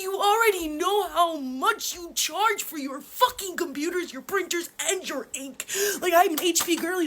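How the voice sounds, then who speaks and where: A woman's voice: very high-pitched, normal speed, few pauses, fairly bright tone. A woman ranting angrily and swearing, crying as she talks. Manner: furious, swearing, tearful rant. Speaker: vlogger. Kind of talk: angry ranting vlog.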